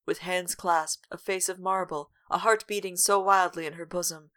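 Female podcast co-host, low-ish register, theatrical gothic read-aloud, wry asides. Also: fairly even intonation, normal speed, fairly bright tone. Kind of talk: reading a gothic novel aloud.

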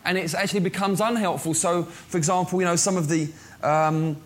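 A man's voice: sits high, steady tone, a little fast. A man preaching a conversational sermon, full of fillers and restarts as he speaks to his congregation. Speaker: pastor.

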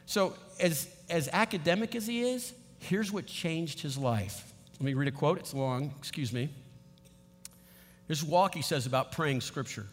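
A middle-aged man preaching a sermon in a conversational, animated way, asking the audience questions. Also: fairly high pitch, normal speed. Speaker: pastor. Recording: long reverb of a large hall.

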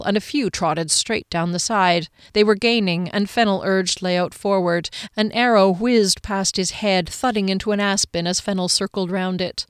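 Smooth-voiced woman narrating an audiobook. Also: medium pitch, no echo, clean studio sound. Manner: expressive, dramatic reading. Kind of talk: scripted narration.

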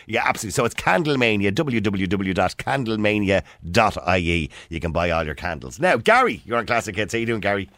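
A middle-aged Irish radio host in casual on-air banter, teasing his caller. His voice sits low, and the studio sound is dry and close. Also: sing-song, quick pace, few pauses, a bit bright, no room sound. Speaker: radio talk show host. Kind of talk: casual on-air phone chat.

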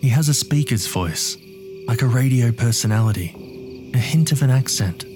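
A man narrating first-person audio fiction in a gritty, measured, unhurried way. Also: medium pitch, expressive, over music.

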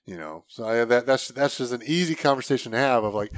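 A man's voice: mid-range voice, lively intonation, fast talker, no room sound. A man in casual conversation, blunt and opinionated, swearing freely as he argues his points. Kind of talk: casual podcast chat.

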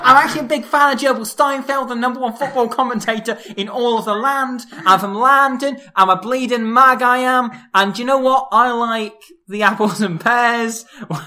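A man putting on a loud, over-the-top mock Cockney voice as a London director, singing a parody song and laughing. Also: very high voice, moderate pace, hardly any pauses, pitched above the performer's own voice, full character voice. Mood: cheeky.

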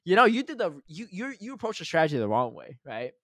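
A man's voice: on the high side, huge pitch swings, fast, pushed and bright, no echo. A young man co-hosting a casual podcast, teasing his co-host, laughing often and tagging his points with "right?". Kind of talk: casual chat.

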